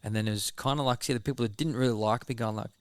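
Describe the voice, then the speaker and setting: A man's voice: medium pitch, fairly even intonation, rapid-fire, no room sound, clean studio sound. An Australian man hosting a podcast, chatting casually and bluntly, swearing freely. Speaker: podcast host. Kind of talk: casual chat.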